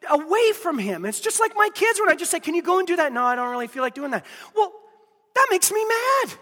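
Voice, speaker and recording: Very high, bright-voiced impassioned pastor. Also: male voice, big-room sound. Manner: impassioned, swings from hushed near-whisper to loud shouts. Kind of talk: sermon.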